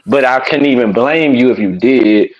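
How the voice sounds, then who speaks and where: A man's voice: mid-range voice, normal speed, dull audio. A young man, co-hosting a stream in casual chat and telling stories with lots of profanity. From Memphis, Tennessee. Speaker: stream co-host.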